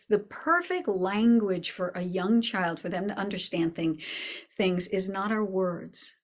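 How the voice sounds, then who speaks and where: A middle-aged woman hosting a talk on young children, speaking casually to viewers, laughing often and dropping to a soft, hushed voice at times. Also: medium pitch. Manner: warm, laughing, drops to soft near-whispers. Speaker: host giving parenting advice.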